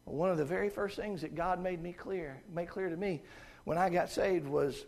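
Southern male preacher, high voice, folksy sermon style, swings between hushed and shouting. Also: moderate pace. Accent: Southern American. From American South. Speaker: guest preacher.

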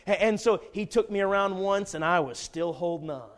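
A man preaching a sermon, telling a folksy, humorous personal story in an animated way. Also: sits high, normal speed.

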